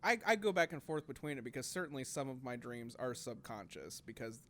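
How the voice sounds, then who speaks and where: A man's voice: mid-range voice, expressive, fairly quick, a bit bright. A young man telling a story in casual podcast chat, rambling with many fillers and acting out quotes. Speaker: podcast co-host.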